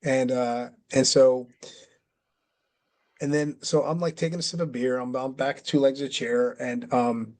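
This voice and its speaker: A middle-aged former wrestler recounting an old story to an interviewer in a relaxed, conversational voice. He acts out the quoted dialogue with lively jumps in pitch. His speech is loose and peppered with fillers. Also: measured pace. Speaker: retired pro wrestler guest. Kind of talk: casual storytelling.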